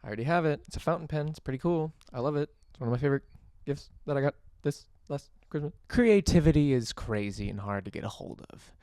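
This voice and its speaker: A young man with a fairly high voice talks in a loose, rambling way in a casual home vlog. He is self-deprecating and swears casually. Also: expressive, fast talker, darkish tone. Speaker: vlogger. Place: at home, doing laundry and in his bedroom.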